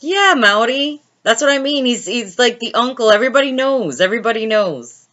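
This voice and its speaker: A woman's voice: on the high side, expressive, brisk, fairly bright tone, muffled recording. A woman hosting a casual live stream, chatting and laughing as she answers viewers' comments by name.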